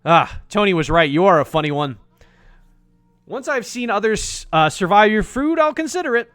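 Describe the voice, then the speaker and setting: A man's voice: sits high, very animated, moderate pace, fairly bright tone, smooth, no room sound, studio quality, faint music behind. A man voicing a prim, condescending female cat doctor from a video game, raising his voice slightly.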